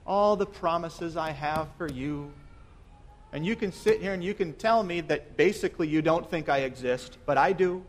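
A young man preaching a sermon, his voice sitting high for a man. He talks earnestly and leans on repeated words and rhetorical questions. He swings from loud emphasis down to soft, hushed lines. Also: normal speed. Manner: shifts between loud emphasis and soft near-whispers. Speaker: pastor.

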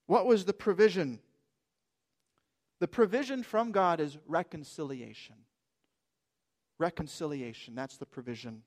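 A man's voice: fairly high pitch, unhurried, long pauses, darkish tone. A man preaching a sermon as pastor, emphatic and asking rhetorical questions.

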